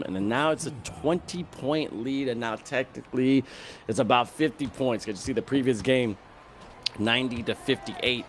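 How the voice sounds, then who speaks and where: A man's voice: medium pitch, slight background noise. A man commentating an esports basketball game, walking through plays and the tournament format. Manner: flowing, explanatory play-by-play with asides.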